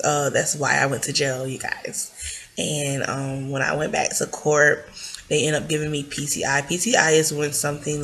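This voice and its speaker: A woman's voice: deep voice, creaky, a bit bright, a little hiss or hum. Young woman vlogger, casual rambling storyteller, loose and filler-heavy delivery. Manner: rambling, filler-heavy retelling with many likes and ums.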